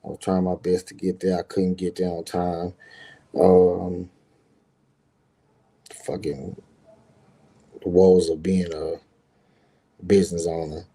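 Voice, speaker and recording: A man's voice: deep voice, little pitch movement, slow pace, pauses often, warm tone. A middle-aged man casually telling a personal story as a podcast host, loose and conversational, with lots of "you know what I'm saying".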